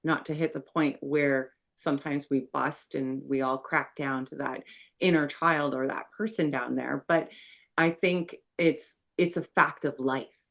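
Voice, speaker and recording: A middle-aged woman with a low voice hosts a conversational interview podcast. She explains her thoughts in a reflective way and becomes animated when she recounts a story. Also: measured pace, gravelly. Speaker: podcast host.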